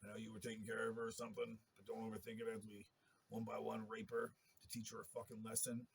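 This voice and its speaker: A man's voice: on the low side, monotone, fast, creaky, a little hiss or hum. A man in a long, rambling monologue, talking in a profane and agitated way. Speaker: interviewee telling his story.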